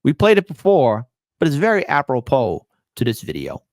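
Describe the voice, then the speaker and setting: A man's voice: medium pitch, wildly swooping pitch, moderate pace, darkish tone, no room sound. A man hosting opinionated political commentary, combative and sarcastic, speaking into a close mic.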